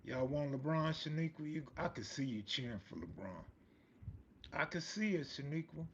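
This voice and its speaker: A man's voice: fairly high pitch, lively intonation, normal speed, lo-fi sound, a little hiss or hum. A man hosting a live stream, chatting casually in street slang and answering viewers' comments. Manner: laid-back street slang, reads and answers chat comments. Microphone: streaming mic.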